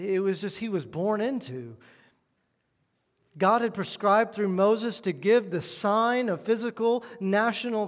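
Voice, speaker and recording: A high-voiced man preaches a sermon, earnest and emphatic, pushing his key points loud before dropping to quiet asides. His voice rings with the long reverb of a church hall. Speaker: pastor.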